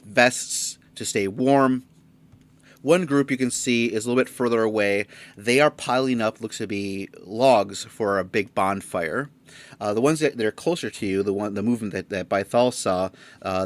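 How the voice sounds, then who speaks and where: A man narrating a tabletop game as game master, halting with many fillers. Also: fairly low pitch.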